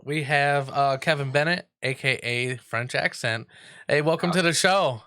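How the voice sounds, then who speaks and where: A man's voice: fairly high pitch, a little slow, bright, forceful tone, clean tone, soft background music. A man hosting a radio show, asking questions with lots of ums and uhs. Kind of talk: casual interview.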